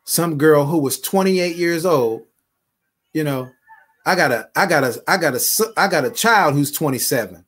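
A man's voice: on the high side, expressive, moderate pace, a bit bright, slightly rough. A middle-aged man, a bishop and online pastor, speaking in an emphatic, conversational way on a live prayer broadcast and repeating his phrases.

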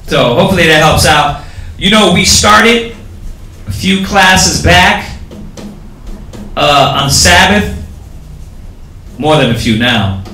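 A man teaching a class, explaining things casually and haltingly with many fillers. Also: on the high side, lively intonation, pushed and bright, slight background noise. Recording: echoey room with faint ambience.

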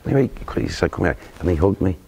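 A man's voice: low-pitched, quick pace, vocal fry, slight background noise. An older man, a spiritual medium, telling an anecdote in an interview and acting out the voices of the people he quotes. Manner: animated storyteller who acts out quoted voices. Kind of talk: anecdotal storytelling. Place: theatre.

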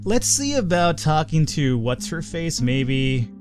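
A male gamer talks casually over a video game, rambling and swearing freely. His pitch swings widely from line to line. Quiet guitar music plays underneath. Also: very animated, slow. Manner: rambling, profane, off-the-cuff. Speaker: let's play gamer. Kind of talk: casual gameplay commentary.

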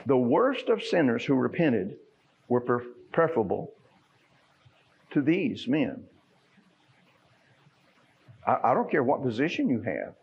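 A preacher delivers a sermon in a church, talking in a plain, folksy way and then pressing hard on key lines. His voice sits at a middling pitch for a man. The sound is dull and lo-fi. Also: very animated, takes it slowly, gravelly, long pauses, slightly rough. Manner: folksy and conversational, building to fervent emphasis. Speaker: pastor. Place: church sanctuary.

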